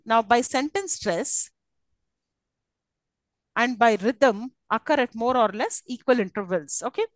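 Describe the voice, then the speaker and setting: A woman's voice: on the high side, animated, unhurried, long pauses, no echo, poor audio. A woman teaching a university class, explaining patiently, with many fillers and questions put to her students. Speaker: university English lecturer. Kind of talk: live lecture to students.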